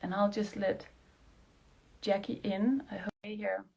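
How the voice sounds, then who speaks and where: A woman's voice: mid-range voice, level tone, a little slow, creaky, a little mellow. A woman from Denmark, hosting a casual online interview over a video call and giving lots of encouraging agreement. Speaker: host.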